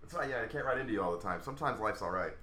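Fast-talking man in an echoey room. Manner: fast, animated anecdotes, jumping up in pitch for quotes. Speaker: guest co-host. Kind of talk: casual podcast chat.

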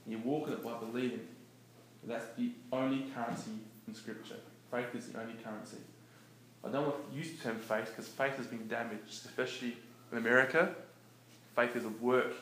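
Animated preaching man in echoey room. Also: mid-range voice, brisk. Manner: animated, conversational, laughs often. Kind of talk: casual teaching talk. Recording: echoey room with faint noise.

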